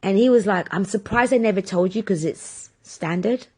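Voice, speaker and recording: A woman's voice: mid-range voice, normal speed, warm tone, slightly rough. A woman hosting her own podcast, telling a story in a chatty, blunt way, swearing freely and acting out both sides of the conversations. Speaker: podcast host. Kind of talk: casual storytelling monologue.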